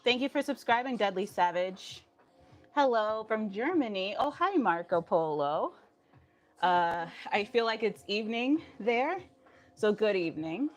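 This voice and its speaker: A woman's voice: medium pitch, animated, unhurried. A woman fitness instructor chatting casually with viewers on a live stream, upbeat and laughing often, a little out of breath. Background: faint music.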